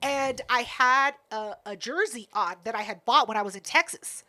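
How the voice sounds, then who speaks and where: Woman podcast co-host, high and bright, brash and profane storyteller. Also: moderate pace. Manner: brash, profane, animated retelling. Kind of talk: casual storytelling chat.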